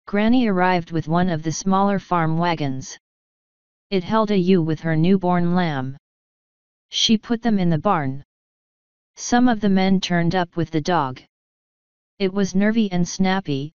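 Woman narrator, audiobook, clear voice on a dull lo-fi recording. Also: on the low side, darkish tone, dry recording.

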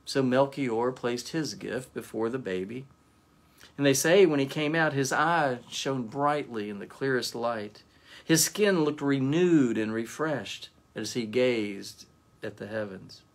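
A male pastor reading a story aloud as a devotion, in a gentle storytelling manner. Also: mid-range voice.

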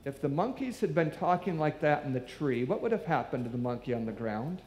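Speaking briskly in a slightly mellow voice on the high side, a man delivers an expressive sermon with slight background noise. His story in the echoey church hall comes alive as he imitates the people he quotes.

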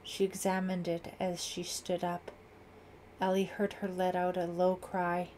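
Low-voiced woman narrating an audiobook. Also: completely flat delivery, darkish tone, slight background noise. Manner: measured dramatic reading.

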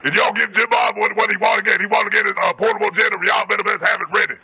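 A man putting on a gravelly trash-talking junkyard owner. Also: sits high, little pitch movement, very fast, sharp tone, no room sound, full character voice. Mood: belligerent. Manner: trash-talking, insult-slinging, repetitive. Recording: tinny phone line.

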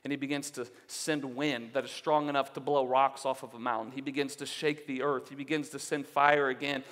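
A man's voice: medium pitch, flat delivery, a little fast, fairly bright tone, big-room sound. A male pastor preaching a sermon in an earnest, exhorting way, repeating phrases for emphasis. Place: church sanctuary.

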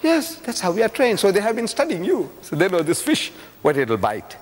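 An older man giving a religious public lecture, telling a story with lively teasing questions to the audience. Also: high voice, brisk. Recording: long reverb of a lecture hall.

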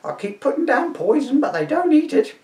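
A man voicing a shrill, indignant old village woman in a high, quavering crone voice. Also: big pitch swings, fairly quick, dark tone, distant mic. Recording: roomy echo, voice from off-mic.

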